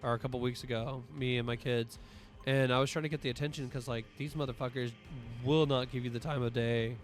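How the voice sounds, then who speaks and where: A man streaming, telling rambling, profane stories in casual chat, his voice a little strained from allergies. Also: mid-range voice.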